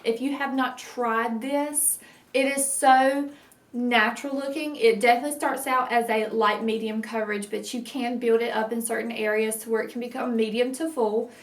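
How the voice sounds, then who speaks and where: A chatty woman with a rural American twang, rambling happily through product favorites. Her slightly high voice sounds roomy and set back from the mic, with echo from the room around her. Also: fairly even intonation, moderate pace, distant mic. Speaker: beauty vlogger. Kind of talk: casual product review chat.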